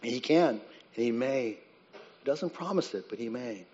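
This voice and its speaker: A man preaching a sermon, who swings between soft, low reflection and loud, high-pitched dramatic retellings. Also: lively intonation, moderate pace. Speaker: pastor. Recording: dull sound with long reverb in a large hall.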